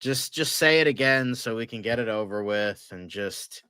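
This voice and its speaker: A man hosting a casual fan news livestream, excitable and rambling, with lots of fillers and frequent swearing. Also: medium pitch, normal speed, clear, resonant tone, no echo, clean studio sound.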